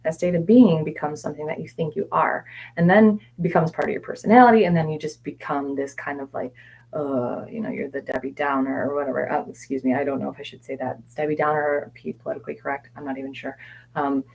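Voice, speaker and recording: A woman with a low voice and a gravelly, fry-laden edge answers viewer questions as a mindset coach. She talks candidly and meanders through fillers and restarts, and sometimes drops her voice to soft, near-whispered repetitions. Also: steady tone, fast. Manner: candid, meandering, frequent fillers and self-corrections. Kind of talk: live Q&A session.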